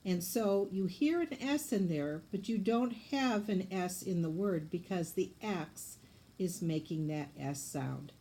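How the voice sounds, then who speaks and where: A woman teaching spelling, dictating words slowly and patiently and sounding them out letter by letter. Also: lowish voice, warm tone, a little hiss or hum.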